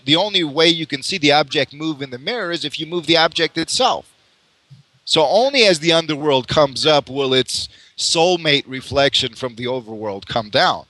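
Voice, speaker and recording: A man's voice: mid-range voice, sharp tone, no room sound. A man in a casual conversation on mysticism, musing at length, restarting phrases and laughing often. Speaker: spiritual teacher in conversation.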